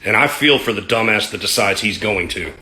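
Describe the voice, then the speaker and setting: A man's voice: lowish voice, animated, fairly quick, pushed and bright. A man, a father, telling a story wryly and swearing casually. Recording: roomy echo.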